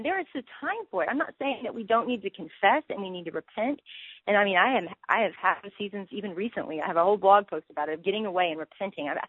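A woman, a Bible teacher guest, talking earnestly in a casual faith interview, with many halting restarts. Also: medium pitch, husky, no room sound. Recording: tinny phone line.

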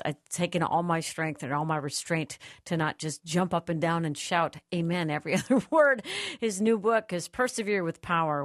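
A woman's voice: low voice, no room sound, clean studio sound. A woman hosting a Christian talk radio show, interviewing a guest in an enthusiastic, prompting way.

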